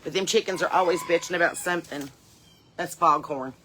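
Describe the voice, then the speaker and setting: A woman doing a sassy, chain-smoking middle-aged mom from the hills, with a twang. Her voice is bright and forceful, and she rambles on in folksy, cheeky asides. It is a comedy character monologue. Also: fairly low pitch, fairly quick. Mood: ranting.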